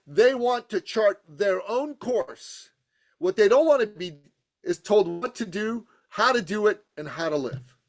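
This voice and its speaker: A man's voice: high voice, animated, measured pace. A man in his fifties from Iran, a business coach telling his story as a podcast guest in an emphatic, punchy, rhythmic way. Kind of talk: motivational storytelling in a podcast interview.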